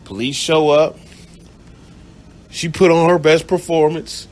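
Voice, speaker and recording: Brief: a male radio host with a somewhat high voice, blunt and profane, spinning casual stories. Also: fairly even intonation, takes it slowly. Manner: profane, blunt, laughs while telling stories. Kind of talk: casual storytelling monologue.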